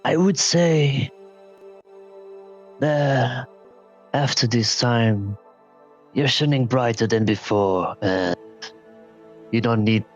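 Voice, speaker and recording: A man voicing a calm, cryptic old male mentor who speaks in slow riddles, on a dull lo-fi call. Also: fairly low pitch. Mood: gentle.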